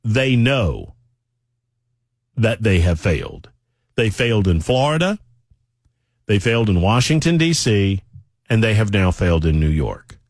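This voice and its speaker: A man's voice: on the low side, big pitch swings, unhurried, pauses often, no room sound. A man hosting a talk radio show, delivering an emphatic, sarcastic political monologue straight to his listeners on a studio microphone.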